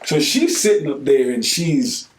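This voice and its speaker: Animated New man telling a story. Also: medium pitch, a little slow, roomy sound, heavy background noise. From New York. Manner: animated, acts out quoted dialogue with colloquial slang. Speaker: podcast co-host. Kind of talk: casual storytelling chat.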